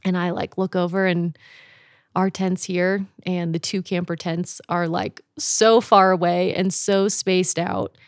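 A young woman tells a story in casual conversation, slightly low-pitched for a woman. She is animated, laughs often and swears easily. The sound is dry and close. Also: unhurried, dry recording. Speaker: guest telling a camping story.

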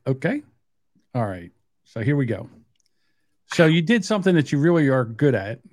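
A man's voice: mid-range voice, big pitch swings, normal speed, no room sound, clean studio sound. A man co-hosting a casual podcast who rambles and banters with many fillers. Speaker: podcast co-host.

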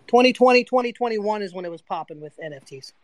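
A man's voice: high-pitched, animated, fast talker, no echo. A man in a casual online voice chat, talking in a rambling, earnest way about his own plans. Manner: rambling, earnest, self-promoting. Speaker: guest speaker.

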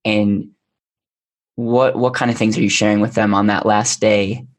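A man hosting a casual interview podcast, affirming and quick to agree with his guest. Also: lowish voice, little pitch movement. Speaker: podcast host.

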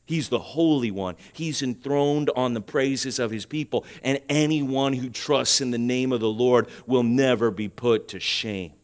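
A man preaching a sermon, his voice swelling loud and high at emphatic points and then dropping to a quiet, urging tone. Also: measured pace, hardly any pauses. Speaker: pastor.

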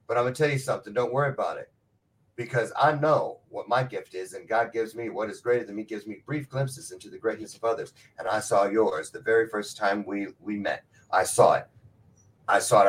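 A man's voice: mid-range voice, poor audio. A male guest speaks in a mid-range voice, emphatic and preacher-like. He presses each point home with heartfelt conviction. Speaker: show guest. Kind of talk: motivational talk.

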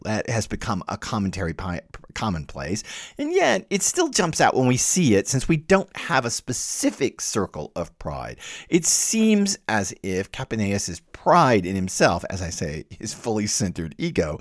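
Male podcast lecturer, expressive pitch swings, dry close recording, wry and animated. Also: no echo. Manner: animated, lively emphasis with wry laughs. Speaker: podcast host and literature teacher. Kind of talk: lecture-style close reading.

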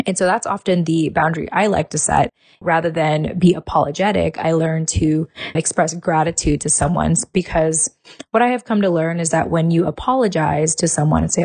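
A woman's voice: low voice, moderate pace, darkish tone. A woman co-hosting a podcast, sharing advice in a reflective, step-by-step way. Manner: reflective, lays out points step by step. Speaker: podcast co-host. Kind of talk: casual chat.

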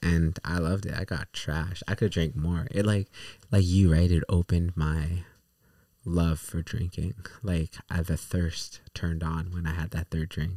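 A man's voice: low voice, flat delivery, measured pace, dark tone, no room sound, clean studio sound, far from the mic. A young man in casual chat, rambling and laughing as he tells a story. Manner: rambling, laughing, restarts a lot.

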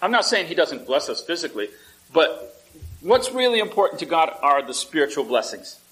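Guy preaching a sermon, bright slightly high voice, chatty, keeps asking the church questions, trips over repeated words. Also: sing-song, brisk, rough recording. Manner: conversational, asks the congregation questions; repeats words when restarting. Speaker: pastor.

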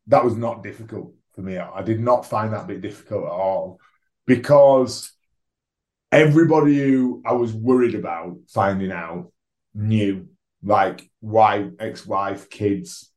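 A low-voiced man talks candidly about his own life, frank and ready to laugh at himself, with the odd swear word. His voice bounces around a roomy space. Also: a little mellow. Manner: frank, swears freely, self-deprecating humour. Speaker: guest, rugby league player. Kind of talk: candid conversational storytelling. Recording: roomy echo.

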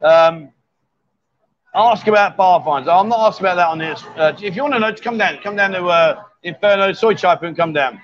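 A man's voice: sits high, a little fast, fairly bright tone, slight background noise. A man hosting a casual livestream from a bar, teasing his guests with jokey banter. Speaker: livestream host. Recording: dull lo-fi livestream audio.

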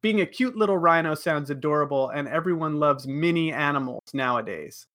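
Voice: medium pitch, fairly quick, fairly bright tone. A podcast host in a casual group chat, laughing often while leading the discussion.

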